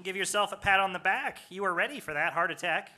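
A man's voice: sits high, quick pace, sharp tone, a little hiss or hum. A man reading the part of a cheerful Whovian doctor who speaks in rhymes. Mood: upbeat. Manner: sing-song rhymed delivery.

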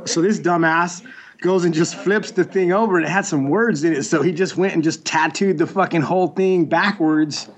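A man's voice: a little high, moderate pace. A young man, a tattoo artist, telling stories in a casual, laid-back way and swearing freely. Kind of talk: casual chat.

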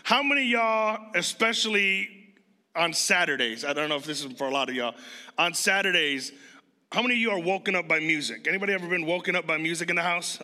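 Bright high-voiced preacher in an echoing hall. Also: male voice. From Chicago. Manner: conversational, quizzes the congregation. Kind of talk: sermon. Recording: long reverb of a large hall.

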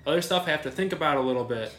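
A man's voice: on the high side, animated, racing, fairly bright tone, echoey room. A man co-hosting a casual podcast, chatty and self-deprecating, often asking naive questions. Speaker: podcast co-host.

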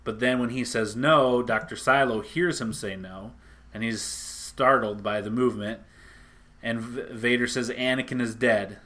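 Bright-voiced man retelling a comic story. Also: mid-range voice, normal speed. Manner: animated storyteller, acts out lines.

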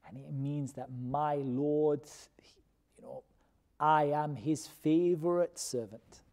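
A man teaching a Quran commentary class, who questions his students and repeats key terms slowly. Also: a little high, warm tone. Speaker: religious teacher. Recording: long reverb of a hall.

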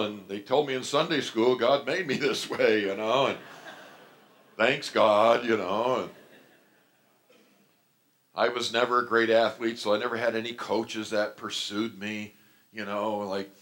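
Older guy preaching, kinda low voice, gets loud and fired up at times. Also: fairly even intonation, normal speed. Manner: fervent, personal storytelling with sudden loud outbursts. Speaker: pastor. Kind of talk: sermon.

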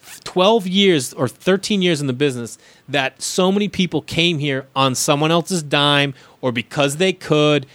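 A man's voice: a little high, normal speed, no echo. Man telling stories in casual chat. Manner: animated storyteller acting out quotes, swears freely.

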